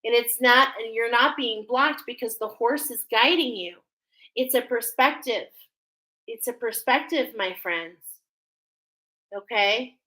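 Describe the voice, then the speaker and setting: A woman doing an intuitive card reading for her viewers, rambling and earnest, often checking in with a quick "okay?". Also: mid-range voice, pushed and bright, rough recording. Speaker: oracle card reader.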